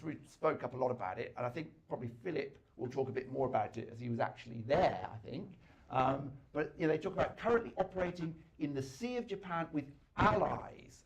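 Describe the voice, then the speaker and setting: A man, an academic, giving a casual talk at a book launch, hesitant with many fillers and restarts. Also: mid-range voice.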